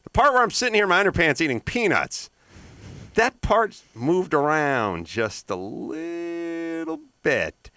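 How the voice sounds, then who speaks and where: Male podcast host, animated comic delivery, bright tone, very expressive pitch. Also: unhurried, dry recording. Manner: animated, jumps into silly character voices. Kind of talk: casual comedy podcast chat.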